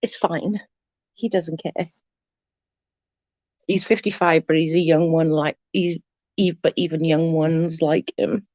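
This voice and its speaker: A woman's voice: low voice, fairly even intonation, slow pace, long pauses, darkish tone, no echo, rough recording. A woman chatting casually with her viewers, giggling often and swearing freely.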